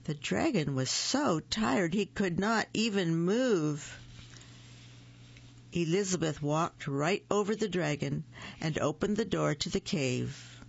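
Slow gravelly storyteller reading picture books out loud, kinda muffled recording. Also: medium pitch, animated. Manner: slow, gentle read-aloud pacing.

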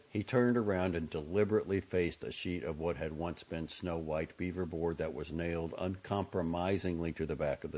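A man narrating a novel as an audiobook, reading in a measured, expressive storytelling manner. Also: low-pitched, highs cut off.

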